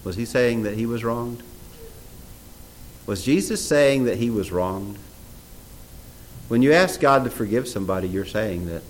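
A man's voice: mid-range voice, unhurried, pauses often, a little hiss or hum, low-quality recording. A man preaching a sermon, reading scripture aloud and asking the audience questions. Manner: animated, reads scripture aloud in old English, asks the audience questions.

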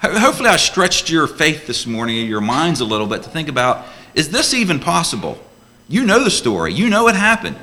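A man's voice: on the high side, huge pitch swings, fairly quick, pushed and bright. A man preaching a sermon to a church congregation as a deacon, earnest and emphatic, full of rhetorical questions.

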